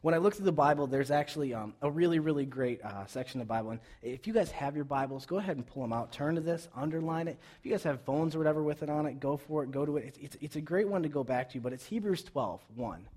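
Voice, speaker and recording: A young man giving a sermon in a church, conversational, moving between quiet reflection and loud, urging calls to the congregation. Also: on the high side, quick pace, few pauses. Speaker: pastor.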